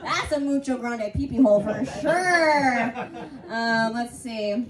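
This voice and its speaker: A woman's voice: a little high, slow pace, a loud crowd. A young woman doing a stand-up comedy set, rambling and crude, giggling often through her confessional stories. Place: comedy stage before a live audience. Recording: roomy, distant mic, faint audience noise.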